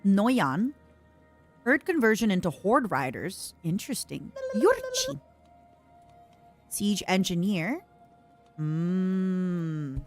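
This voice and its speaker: A woman's voice: lowish voice, slow pace, soft background music. A young woman streamer giving casual commentary over a strategy game, reading its text aloud while eating. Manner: eats and talks with mouth full, reads game text aloud; lively, playful asides.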